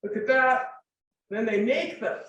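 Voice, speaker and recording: Unhurried and a bit bright, this mid-range voice comes through dull audio in a very echoey room, far from the microphone, with faint ambience. The speaker delivers an informal slide lecture at a forum, emphatic and full of rhetorical questions, frequently making sure the audience keeps up.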